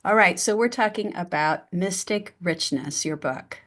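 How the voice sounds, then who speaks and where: Measured woman host, low voice. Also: a bit bright. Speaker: podcast host and medium. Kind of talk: casual interview talk.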